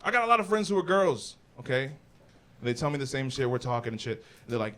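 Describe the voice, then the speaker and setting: A man's voice: medium pitch, fast talker, a bit bright. A brash male stand-up comedian performing a profane, slangy set on stage, saying "bro" a lot. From United States. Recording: live stage mic with audience laughter.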